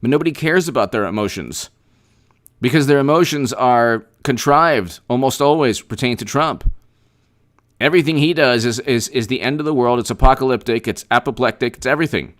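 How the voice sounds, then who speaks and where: A man hosting a casual political commentary livestream, animated and repetitive, often restarting his sentences and speaking straight to viewers. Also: medium pitch, a little fast. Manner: animated, repetitive, mock-quoting opponents, frequent restarts.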